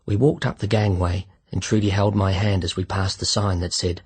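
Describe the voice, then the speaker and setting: A man narrating a literary short story in the first person, measured and reflective. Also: sits low, steady tone, slightly rough. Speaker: audiobook narrator.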